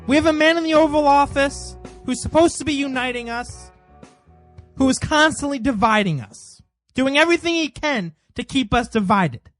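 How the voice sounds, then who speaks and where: A man's voice: very high voice, lively intonation, normal speed, a bit bright, no echo, faint music behind. A man hosting a political commentary show, delivering an indignant monologue full of rhetorical questions.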